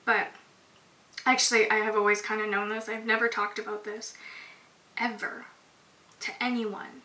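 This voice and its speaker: A woman's voice: mid-range voice, level tone, moderate pace, sharp tone. A young woman hosting her own podcast, talking openly and emotionally in a casual, candid monologue. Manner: open, emotional, casual with frequent "like". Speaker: podcast host. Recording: roomy echo, distant mic, faint hiss.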